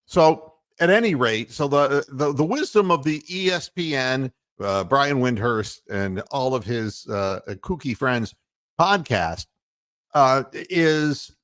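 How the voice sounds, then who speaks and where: Brief: male sports-talk host, rambling and fired up, lively voice, dry close recording. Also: medium pitch, slow pace, dry recording. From Ohio. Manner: rambling, heated, full of fillers and mocking quotes. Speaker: podcast host.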